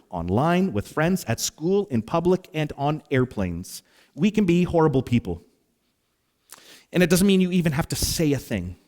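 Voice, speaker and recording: A man delivers a sermon as a pastor, weaving in a personal anecdote. His voice sits at an ordinary middle pitch, and he tells the story with animated, self-deprecating energy, complete with exasperated sighs.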